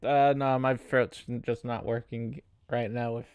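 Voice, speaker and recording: A man with a lingering cough rambles through a casual sports chat with fillers and curses. His voice is smooth and resonant. It sounds dry and close to the mic. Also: mid-range voice, steady tone, measured pace, no room sound. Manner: rambling, frequent fillers and swearing. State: has a cough. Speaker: podcast host.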